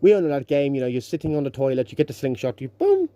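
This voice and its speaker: A man's voice: mid-range voice, very fast, dark tone, no room sound, highs cut off. A young man giving casual gaming commentary on his channel, rambling, sarcastic and correcting himself as he goes. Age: young adult. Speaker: YouTuber.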